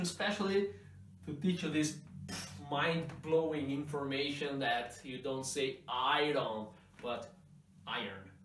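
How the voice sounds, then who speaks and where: A man teaching English pronunciation, stretching out model words slowly for learners to repeat. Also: fairly high pitch, distant mic. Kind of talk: pronunciation lesson. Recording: echoey room, voice from off-mic.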